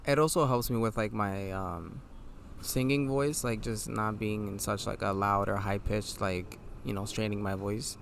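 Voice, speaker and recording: A weary man with a nasal voice and a lowish pitch hosts a podcast on his own. He muses casually and reads affirmations in an unhurried way. A faint ambient hum sits under his voice. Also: steady tone, creaky. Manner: low, laid-back delivery with mild swearing. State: tired. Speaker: podcast host. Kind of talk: casual reflective monologue, reading affirmations aloud.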